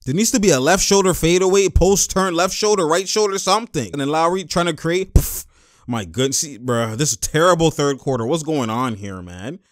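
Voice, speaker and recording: A young man hosting casual game-watching commentary, animated and full of exclamations and laughter. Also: on the high side, a little fast, dry recording, clean studio sound. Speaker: host.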